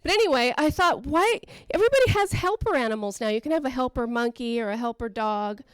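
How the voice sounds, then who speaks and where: A woman from Oakland delivers a rambling stand-up routine and mocks herself along the way. Her voice sits high. She talks in halting starts and restarts. The recording is dry and close. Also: lively intonation, clear, resonant tone, no echo. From Oakland, California. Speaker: stand-up comedian.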